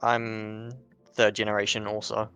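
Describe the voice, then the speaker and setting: A man's voice: on the low side, completely flat delivery, measured pace, a bit bright, soft background music. A man with a New Zealand accent, a tabletop player who talks tersely and swears casually.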